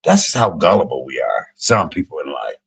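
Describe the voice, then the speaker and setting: A middle-aged man, a comedian, telling profane, joking stories on a casual livestream and jumping high in pitch when he quotes people. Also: big pitch swings, a little fast, gravelly, breathy edge, low-quality recording. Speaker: comedian and YouTube cook.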